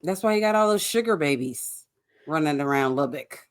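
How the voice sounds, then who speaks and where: A woman's voice: deep voice, lively intonation, normal speed. A woman guest in a casual chat, blunt, sarcastic and often swearing. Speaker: guest co-host. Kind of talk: casual chat recapping a show.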